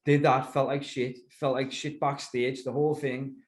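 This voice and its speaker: A man's voice: medium pitch, flat delivery, moderate pace. A man, a podcast guest telling a rambling fight story in casual chat, swearing constantly. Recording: roomy echo.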